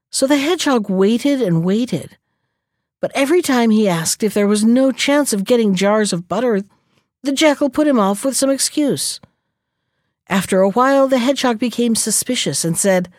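A woman reading a fairy tale aloud in a calm, even storybook manner. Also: medium pitch, normal speed, no room sound, clean studio sound.

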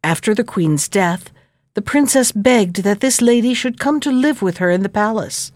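A woman narrating a fairy tale in a gentle, measured reading voice. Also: medium pitch, lively intonation, dry recording.

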